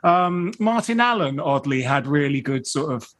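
A man's voice: a little high, expressive, normal speed, a bit bright. Enthusiastic male podcast host. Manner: enthusiastic, rambling lists. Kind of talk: casual podcast chat.

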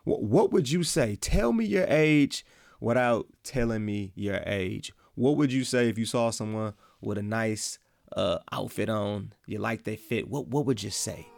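Gravelly Midwestern man hosting a podcast. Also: on the low side, unhurried, no echo, studio quality. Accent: Midwestern American. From American Midwest. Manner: excitable, repeats phrases, slangy. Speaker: podcast host. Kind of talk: casual faith podcast talk.

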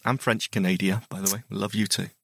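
A man's voice: fairly low pitch, little pitch movement, brisk, vocal fry, fairly bright tone, no echo, clean studio sound. A man co-hosting a podcast in casual chat, teasing his co-host and laughing often.

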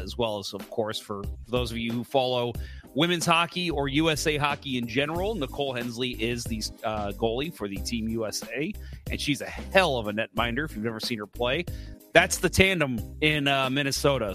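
A man's voice: medium pitch, a bit bright. A middle-aged American man hosting a sports podcast, chatting casually and rambling through stories with lots of fillers. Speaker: podcast host.

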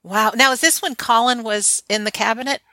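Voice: medium pitch, brisk, bright, forceful tone. A host who interviews the guest with short reactions and questions.

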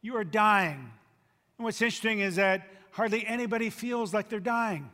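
A man with a high, bright, ringing voice preaches a sermon with emphatic force, rising loud and then dropping to a hush. His voice carries the long reverb of a large hall. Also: normal speed. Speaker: pastor.

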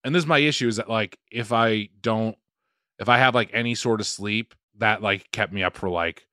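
A man's voice: on the low side, normal speed, sharp tone, no echo, studio quality. Rambling man podcast co-host. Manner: rambling, filler-heavy, self-deprecating. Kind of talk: casual podcast chat and host-read ad.

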